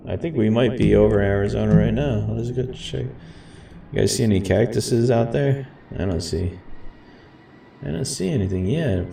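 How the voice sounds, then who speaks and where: Low-voiced casual male streamer with a rambling manner, recorded a bit off-mic with faint hiss. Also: creaky, warm tone. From grew up in a city. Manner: laid-back, rambling, says "man" and "guys". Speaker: flight sim streamer. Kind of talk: casual gameplay commentary. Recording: echoey room, mic far off, faint hiss.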